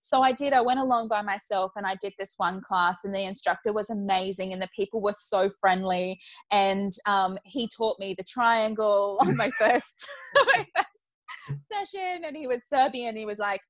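A woman's voice: medium pitch, normal speed, a bit bright, no echo. A woman in her thirties, a podcast guest, talking candidly and chattily and laughing easily. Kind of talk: casual podcast conversation.

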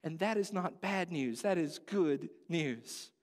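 A pastor preaches a sermon in a church sanctuary, his voice fairly high, animated, and slow, trailed by a long reverb tail. He is earnest and conversational, putting questions directly to the congregation.

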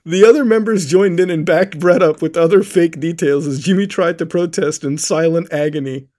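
A man's voice: a little high, normal speed, warm tone. A man hosting a casual comedic reading with friends, often breaking into laughter and jokes. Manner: laughs a lot, breaks off to joke. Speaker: host reading a creepy story.

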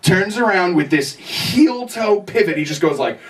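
A young male comedian tells a story on stage at a bar, high-voiced and swinging his pitch all over. He sounds far from the mic, with loud bar noise behind him. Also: moderate pace. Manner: animated, swears casually, acts out scenes. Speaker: stand-up comedian. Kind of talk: stand-up storytelling.

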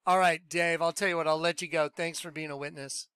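A man hosting a religious video, talking in an emphatic, excitable way and repeating his points. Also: fairly high pitch, a little fast, clean tone. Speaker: Christian video host.

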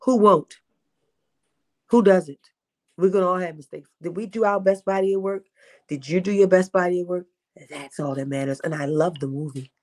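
A woman, telling stories in an interview with animated delivery and frequent repetition. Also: on the low side, a little fast. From Baltimore, USA. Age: 50s. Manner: animated, repeats herself, acts out quotes. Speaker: interview guest, independent filmmaker. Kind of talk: casual interview storytelling.

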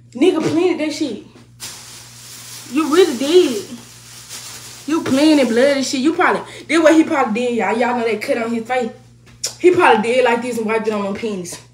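High-voiced woman ranting on a live stream. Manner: heated, profane, repeats herself, laughs between jabs. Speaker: livestreamer. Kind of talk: casual live-stream rant. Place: indoors at home. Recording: echoey room.

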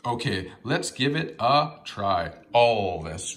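A man reviews food on camera casually and enthusiastically, humming with pleasure and making lots of mmm sounds as he eats, and chats with his pet in a high, excited voice. He speaks at normal speed with hardly any pauses, over slight background noise.

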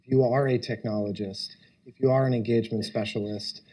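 A man's voice: medium pitch, fairly even intonation, fairly quick, dark tone, low-quality recording. A man speaking on a policy panel, earnest, building his points in lists. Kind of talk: panel discussion.

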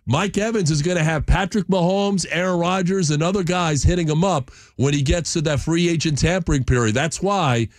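A man in his forties hosting sports talk radio, telling stories with animated, acted-out scenes. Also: a little high, normal speed, hardly any pauses, no echo, clean studio sound. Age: 40s. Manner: animated storyteller, acts out scenes. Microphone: studio microphone.

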